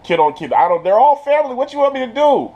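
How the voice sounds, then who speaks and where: A man's voice: mid-range voice, fast, a little mellow, highs cut off, lightly acted. A man voicing a defensive, exasperated knight in a whiny, incredulous tone while retelling a scene.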